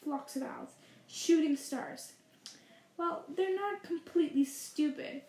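A stern, prim professor, brisk and clipped, quick to irritation, as a woman reads her aloud. The high voice rings in a roomy, echoing space, like a storybook read at home. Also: darkish tone. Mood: impatient. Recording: roomy echo.

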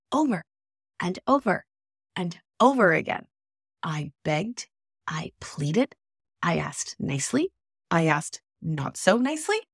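A woman's voice: mid-range voice, no echo, studio quality. A middle-aged woman hosting a personal podcast, telling her story in an emphatic, exasperated way. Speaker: podcast host.

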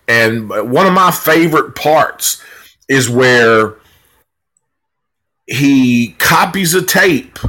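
Slow-talking laid-back male podcast host. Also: medium pitch, bright, forceful tone, rough recording. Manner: laid-back, swears a lot, many fillers. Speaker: podcast host reviewing a film. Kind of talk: casual live podcast talk.

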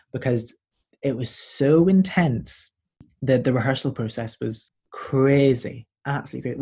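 A man's voice: medium pitch, slightly rough. Chatty young Northern Irish man. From Northern Ireland. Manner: animated, rambling storyteller. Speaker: performer guest. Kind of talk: casual interview chat.

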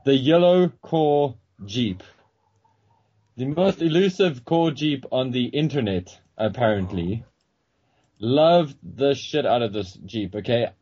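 Casting: joking male guest, husky tone, muffled lo-fi sound. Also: medium pitch, expressive, takes it slowly, warm tone. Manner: playful, jokey, theatrical. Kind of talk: casual chat.

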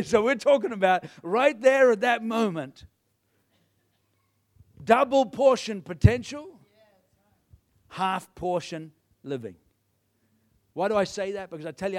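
A man preaching a sermon, retelling a Bible story and acting out the characters' lines. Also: on the high side. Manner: animated storytelling, acts out the characters.

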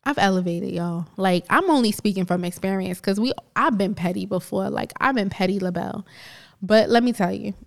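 A woman's voice: medium pitch, brisk, gravelly. A woman from New Jersey co-hosting a podcast, telling personal stories in a casual, motivational way. She laughs often and acts out the other voices in her stories. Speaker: podcast co-host.

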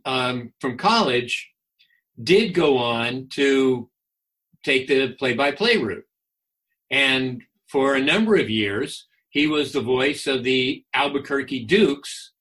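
A man in his sixties, a guest on an interview, telling baseball stories in a chatty, animated way and laughing often. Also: mid-range voice, slow, slightly rough. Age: 60s. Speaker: guest, former baseball announcer. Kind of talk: casual anecdotal storytelling.

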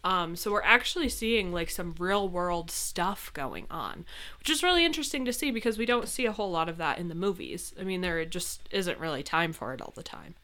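A woman co-hosting a casual chat, agreeable and lively, with frequent backchannels. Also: lowish voice, brisk. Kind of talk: casual chat reviewing a TV episode.

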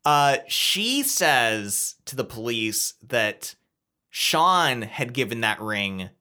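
A man's voice: mid-range voice, very animated, very slow, sharp tone. A young man co-hosting a casual book podcast, talking hesitantly with many fillers and a wry tone. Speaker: podcast co-host.

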